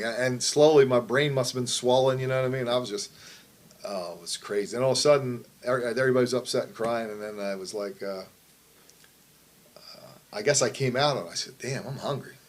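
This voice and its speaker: A man's voice: mid-range voice, brisk, fairly bright tone, rough recording. A middle-aged man telling wrestling stories in a casual interview, rambling and profane, often asking "you know what I mean". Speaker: wrestling promoter.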